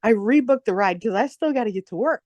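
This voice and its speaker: A woman's voice: a little high, animated, quick pace, a little mellow, no room sound. A woman co-hosting a podcast who tells a story casually and with animation, swearing freely, laughing, and stumbling over her words. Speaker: podcast co-host.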